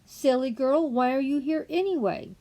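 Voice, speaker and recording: A woman voicing a fussy, hurried male white rabbit who scolds and frets about being late. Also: high-pitched, warm tone, pitched above the performer's own voice. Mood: impatient.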